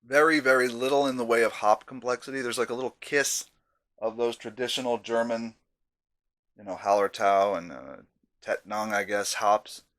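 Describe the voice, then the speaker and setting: A man's voice: mid-range voice, fairly even intonation, normal speed, a bit bright. A man casually reviewing a beer on camera, chatty and self-deprecating, with savoring asides.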